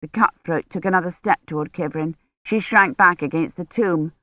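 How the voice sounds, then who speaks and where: A woman narrating an audiobook in a measured, tense storytelling manner. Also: on the low side, dry recording, muffled recording. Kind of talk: scripted narration.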